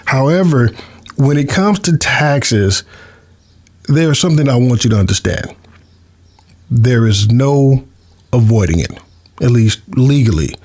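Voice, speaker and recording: A certified tax preparer, a man, teaching taxes in a relaxed explainer style, repeating words now and then. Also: medium pitch. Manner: friendly, repeats words, chuckles at his own jokes. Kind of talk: casual explainer lesson.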